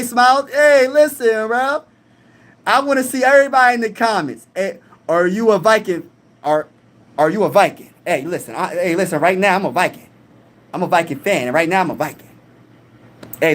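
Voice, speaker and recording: A hyped young man hosts a casual live stream in a fairly high voice. He reads viewers' comments aloud and talks big, full of boastful energy. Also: a bit bright.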